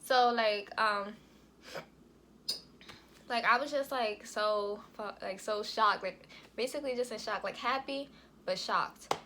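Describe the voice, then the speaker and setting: A woman's voice: on the high side, slow pace, long pauses, pushed and bright, slight background noise. A young woman vlogger telling a casual storytime, slangy and swearing freely, acting out every line of dialogue. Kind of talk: storytime vlog, casual chat.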